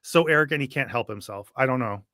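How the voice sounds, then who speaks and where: A man hosting a casual reaction chat, talking in an animated, sarcastic way and laughing often. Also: medium pitch, quick pace, no room sound, studio quality. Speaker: host.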